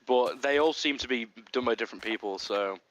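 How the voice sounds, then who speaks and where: A man's voice: medium pitch, a little fast, fairly bright tone, highs cut off, a little hiss or hum. A man chatting over voice chat while gaming, hamming up a joking detective act. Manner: playful, mock-detective bit. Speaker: Minecraft server player.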